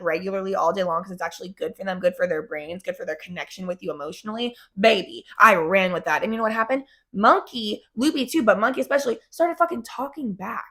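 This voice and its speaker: A woman's voice: medium pitch, fairly bright tone. A young woman talking casually to camera in a chatty way, swearing often and filling her talk with "like". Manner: chatty, frequent swearing and fillers. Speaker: vlogger.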